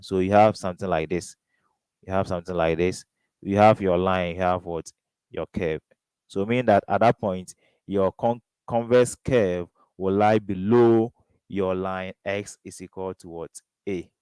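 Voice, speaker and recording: A man's voice: low voice, a little mellow, smooth, no room sound, rough recording. Ghanaian man drilling exam answers. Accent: Ghanaian English. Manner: question-and-answer drilling, keeps asking "what?". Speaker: tutor. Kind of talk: exam revision lesson.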